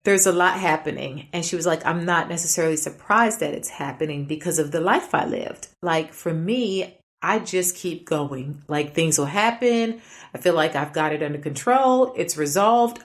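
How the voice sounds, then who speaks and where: Low-voiced woman telling a personal story. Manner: candid, with quoted voices and small laughs. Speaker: podcast host.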